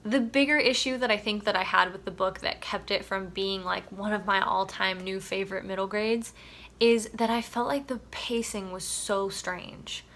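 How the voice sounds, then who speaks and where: Bright, chatty woman reviewing books. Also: medium pitch, normal speed. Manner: chatty, animated, emphatic. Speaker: book reviewer. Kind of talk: casual book review vlog.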